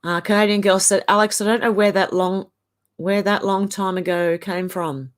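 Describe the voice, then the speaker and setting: A woman's voice: mid-range voice, steady tone, moderate pace. A woman from Australia hosting a livestream, reading out viewer comments in a casual chatty way and chuckling often. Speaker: livestream host reading chat. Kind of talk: casual chat.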